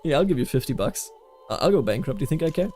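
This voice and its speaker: A man from Bavaria chats his way through a strategy game, voice sitting a bit high. He rambles, repeats himself and breaks off to react to what happens on screen. Soft music plays faintly behind him. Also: lively intonation, fast. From Bavaria, Germany. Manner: rambling, reacts aloud to the game, frequent fillers and restarts. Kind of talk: casual gameplay commentary.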